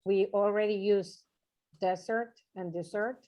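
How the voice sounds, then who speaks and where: A woman's voice: mid-range voice, fairly even intonation, unhurried, mellow. A woman presenting an online English workshop, who often checks in with her listeners. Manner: encouraging, checks in with "okay?". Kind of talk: online English teaching session.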